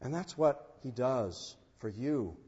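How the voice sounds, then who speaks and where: A man preaching a sermon in an earnest, unhurried way, rising in force on key phrases. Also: medium pitch, animated, warm tone, slightly rough. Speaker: pastor. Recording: dull sound with long church reverb.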